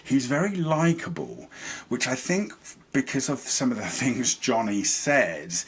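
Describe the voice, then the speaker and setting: A man's voice: medium pitch, very animated, a little slow, a bit bright, breathy edge. A man, a podcast guest, chatting casually and rambling about things he is a fan of. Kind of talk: casual chat.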